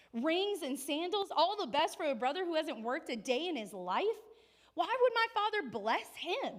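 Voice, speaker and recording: A woman's voice: sits high, pitched above the performer's own voice. Woman playing a bitter, indignant older brother. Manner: indignant rapid-fire questions.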